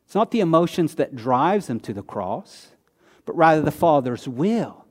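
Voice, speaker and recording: A man preaching a sermon in a conversational way, asking rhetorical questions and dropping his voice low on key words. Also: very animated, moderate pace, big-room sound. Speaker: pastor.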